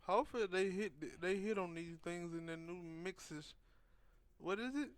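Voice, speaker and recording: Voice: medium pitch, a little slow, no echo. A podcast co-host prompting the host from away from the mic.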